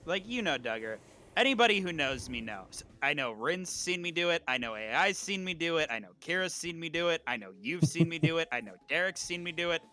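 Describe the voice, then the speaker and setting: A man's voice: on the high side, brisk. A man co-hosting a casual podcast, giving an emphatic, profane pep talk. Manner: emphatic, swears freely, animated pep talk. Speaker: podcast co-host.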